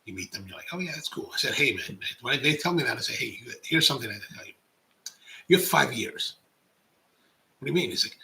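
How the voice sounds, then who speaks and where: Chatty bright-voiced man. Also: medium pitch, lively intonation, a little fast, creaky, pauses often, low-quality recording. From Baltimore, USA. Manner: rambling and chatty, drops to whispers for jokes. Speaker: coffee livestream host reading chat. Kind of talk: casual chat.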